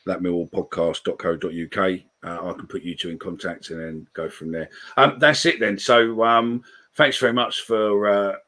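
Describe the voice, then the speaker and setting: Deep husky guy in his 60s, sweary, reading viewer comments on a live podcast. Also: fairly even intonation, moderate pace, bright, forceful tone. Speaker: podcast host. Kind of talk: live call-in podcast chat.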